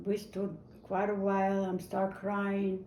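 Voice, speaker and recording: A woman in her eighties telling a personal memory in a halting way, repeating words and restarting sentences as she goes. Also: medium pitch, monotone, darkish tone. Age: 80s. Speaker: interviewee. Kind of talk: personal war memory storytelling. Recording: roomy echo, faint ambient noise.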